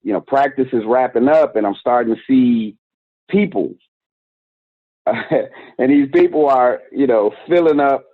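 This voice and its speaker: A man's voice: mid-range voice, measured pace, no echo. A man in his forties, a youth organization director and interview guest, telling a story in a candid, slangy, conversational way. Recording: tinny phone-like dry sound.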